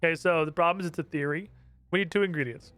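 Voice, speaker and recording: A man's voice: a little high, fast talker, fairly bright tone, no echo, soft background music. A man streaming a video game, chatting casually, swearing and laughing as he plays. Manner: chatty, profane, laughs a lot. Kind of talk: casual gameplay commentary.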